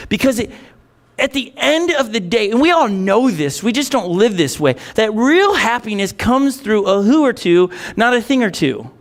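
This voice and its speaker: A man with a high voice preaches from a church stage in a loose, conversational sermon. He jokes with the congregation and acts out little quotes. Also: moderate pace, vocal fry. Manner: animated, conversational, with playful asides and acted-out quotes. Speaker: pastor.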